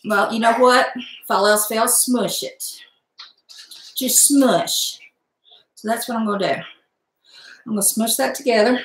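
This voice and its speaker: Brief: woman, middle-aged, casual, blunt and chatty, slightly high voice, echoey home room. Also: unhurried, long pauses, a bit bright. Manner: chatty, blunt, mild cursing, talks while working. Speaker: crafting vlogger. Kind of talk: casual crafting livestream chat.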